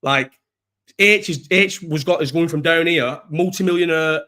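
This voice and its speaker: A man's voice: on the high side, normal speed, sharp tone. A young man with a Scouse accent hosting a casual live-stream chat, rambling, swearing freely and restarting his sentences.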